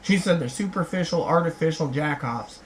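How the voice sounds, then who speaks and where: A middle-aged woman vlogs a long, rambling reply to viewer comments, retelling conversations and acting out other people's lines. Her voice is low and her pace normal, on a rough recording with faint background hiss.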